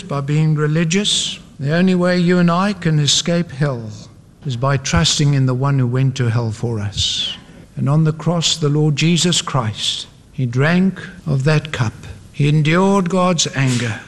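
A man's voice: on the high side, unhurried, big-room sound. A man preaching an evangelistic sermon, emphatic and building his points through repeated refrains.

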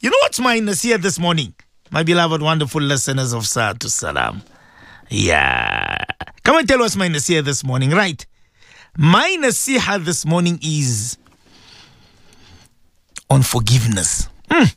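Animated, gravelly radio preacher. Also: male voice, fairly high pitch, normal speed, long pauses, dry recording, studio quality. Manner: emphatic, repetitive, rhetorical questions to listeners. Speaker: radio host giving a religious talk. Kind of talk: morning radio sermon.

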